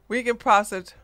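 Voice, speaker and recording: A woman hosting a casual commentary livestream, chatty and animated, laughing as she reacts. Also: medium pitch, no echo. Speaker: livestream host.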